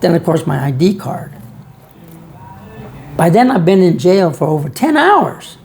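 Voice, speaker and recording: Brief: a gravelly man ranting sarcastically to camera, lots of rise and fall in pitch. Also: sing-song, unhurried, darkish tone, slight background noise. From Georgia, USA. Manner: sarcastic, rhetorical, storytelling. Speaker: vlog host. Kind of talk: ranting monologue.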